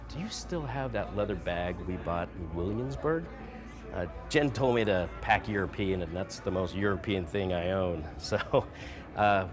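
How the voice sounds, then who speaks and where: A man acting in a comedy sketch, talking in a sheepish, awkward way. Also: low-pitched. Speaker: sketch actor.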